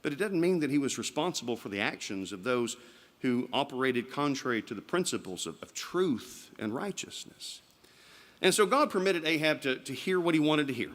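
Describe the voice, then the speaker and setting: A man's voice: medium pitch, animated, normal speed, fairly bright tone. Conversational man preaching a sermon. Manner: conversational, with rhetorical questions to the congregation. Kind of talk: evening sermon. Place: church sanctuary.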